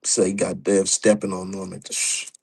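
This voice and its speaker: A man's voice: sits low, completely flat delivery, normal speed, gravelly, darkish tone, slightly rough. A man ranting about boxing on his stream, heated, profane and mocking. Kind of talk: opinionated casual rant.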